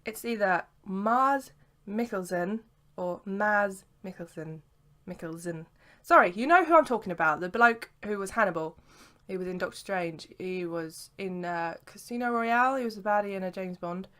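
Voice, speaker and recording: A woman's voice: mid-range voice, fairly quick, few pauses, a bit bright. A young woman talks straight to camera in a casual vlog. She rambles freely, piling up "sort of" and "like" as she goes. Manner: chatty and rambling, lots of "sort of" and "like". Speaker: vlogger. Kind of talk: casual chat.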